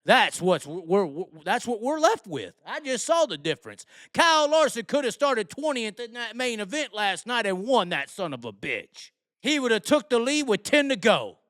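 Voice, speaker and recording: A man's voice: very high voice, sing-song, moderate pace, a bit bright, dry recording, clean studio sound. A man with a Southern US accent, ranting bluntly about racing, heated and swearing freely. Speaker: racing commentator. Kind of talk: profane opinion rant.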